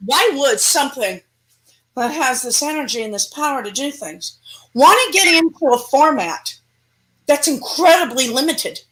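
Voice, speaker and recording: A woman's voice: high voice, moderate pace, rough recording. A woman, a paranormal investigator, speaking emphatically and animatedly as an interview guest. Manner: emphatic, animated, laughs often. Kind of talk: casual interview chat.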